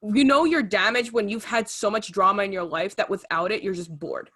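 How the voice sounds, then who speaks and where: A young woman in her twenties chats away as a podcast co-host. She talks in an animated, rambling way, with plenty of fillers, in a voice of middle pitch. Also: a little fast. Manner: chatty and animated, lots of fillers. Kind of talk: casual chat.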